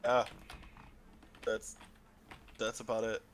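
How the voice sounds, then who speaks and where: A man's voice: on the low side, monotone, slow, slight background noise. A man with the flu, stuffy-nosed and coughing, introducing his tabletop game character in a hesitant way with lots of filler words. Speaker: player.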